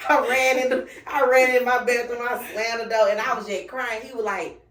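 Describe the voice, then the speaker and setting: A woman hosting a podcast, chatting casually and telling a personal story in an animated way, acting out the voices of the people she quotes. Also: a little high, normal speed. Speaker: podcast host. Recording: roomy echo, mic at a distance.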